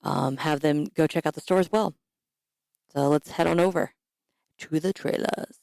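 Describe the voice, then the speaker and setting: A woman hosting a podcast who is hoarse and raspy, chatting casually and rambling with fillers. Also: sits low, no echo, clean studio sound. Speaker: podcast host.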